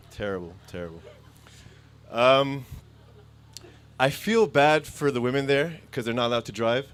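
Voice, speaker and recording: A man doing a stand-up comedy set, telling rambling stories with self-mocking asides and quick jumps into voiced impressions. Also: mid-range voice, animated, clear, resonant tone. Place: stage before a live audience.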